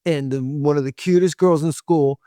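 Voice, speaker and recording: A man's voice: a little high, fairly even intonation, moderate pace, mellow, no room sound, studio quality. A man hosting a dating advice show, lecturing bluntly and sometimes acting out what women say, with short laughs between points. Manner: blunt, lectures directly, acts out women's lines. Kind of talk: opinionated monologue to camera.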